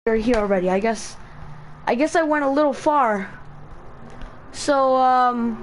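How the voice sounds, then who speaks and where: Woman streamer, slow and meandering delivery, filler-heavy casual tutorial talk. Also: fairly high pitch, a little hiss or hum. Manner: rambling, many fillers and self-corrections.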